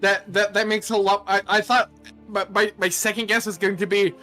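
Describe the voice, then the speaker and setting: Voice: mid-range voice, level tone, moderate pace, sharp tone, faint music behind. A player in a tabletop game, teasing and playful in casual chat.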